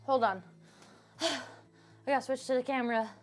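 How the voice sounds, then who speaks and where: Playful higher-voiced woman streamer. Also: normal speed, soft background music. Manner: playful, teasing, laughs often. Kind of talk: casual chat with viewers. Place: home room. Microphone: desk microphone.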